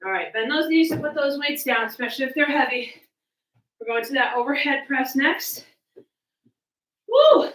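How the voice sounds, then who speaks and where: A woman's voice: sits high, a little fast, pushed and bright, reverberant, recorded from a distance, poor audio. A woman fitness coach, out of breath, counting reps and cueing moves while she exercises along in a small room at home. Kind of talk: coaching a live home workout.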